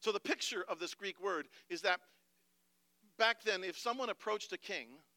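A man, a pastor, preaching a sermon emphatically, moving between hushed passages and loud declarations. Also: high-pitched, moderate pace, no echo.

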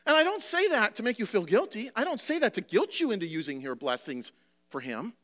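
A man's voice: sits high, very animated, brisk, a bit bright. A male preacher delivering a sermon, passionate and pleading, asking rhetorical questions, emotional and near tears.

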